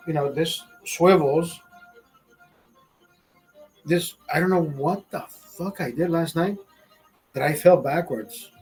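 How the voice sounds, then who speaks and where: Brief: man streamer, raw emotional rant, lots of swearing, breathy rasp, soft music underneath. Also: fairly high pitch. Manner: rambling, heavy swearing, self-talk. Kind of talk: emotional livestream monologue.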